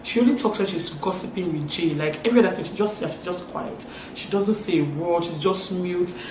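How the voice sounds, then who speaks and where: A woman's voice: on the low side, a little fast, background noise. A woman with a Nigerian accent, chatting through a casual, gossipy recap of a reality show. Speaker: vlogger. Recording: echoey room.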